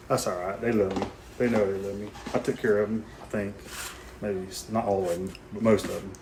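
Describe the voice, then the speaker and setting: A man's voice: fairly low pitch, flat delivery, fairly quick, noisy background. A man, hosting a casual barbecue cooking video in a folksy, joking way outdoors. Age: 50s. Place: outdoors at a grill.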